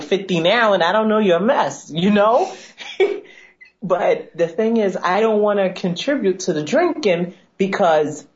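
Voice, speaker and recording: A young woman co-hosting a casual chat show, telling stories with lots of laughter and quoted voices. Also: lowish voice. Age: 20s. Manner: chatty storyteller, laughs often, animated quoting. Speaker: co-host. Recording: dull lo-fi sound.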